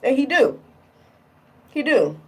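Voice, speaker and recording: Young female vlogger, husky, frank and exasperated, mic set back a bit. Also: sits high, big pitch swings, slow, far from the mic, poor audio. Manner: frank, exasperated, quotes partner in mocking voices. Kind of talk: candid personal rant to camera.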